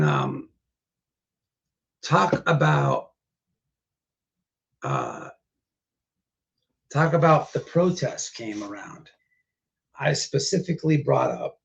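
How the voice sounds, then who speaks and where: A man hosting a casual livestream chat, rambling with many restarts, his voice going hoarse. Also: medium pitch, very animated, slow pace, pauses often. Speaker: livestream host. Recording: dull lo-fi stream audio.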